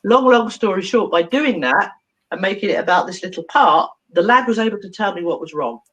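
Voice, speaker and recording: A woman's voice: mid-range voice, brisk, lo-fi sound. A woman, a therapist, telling a story animatedly in an interview, acting out voices and laughing often. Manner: expressive, acts out dialogue, laughs often.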